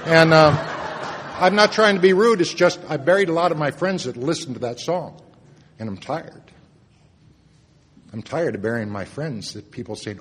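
A man sharing a personal recovery story at a meeting, earnest, moving between loud and hushed moments. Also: fairly high pitch, normal speed, long pauses, a little hiss or hum. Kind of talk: personal testimony talk. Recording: long reverb of a hall.

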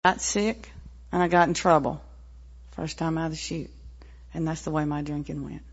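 Speaking at a recovery meeting, a Southern woman in her forties from the Tennessee-Mississippi line gives a frank, plainspoken testimony with fillers and wry laughs. Her lowish, gravelly voice carries some fry, keeping a steady tone at normal speed, heard through a dull, lo-fi recording.

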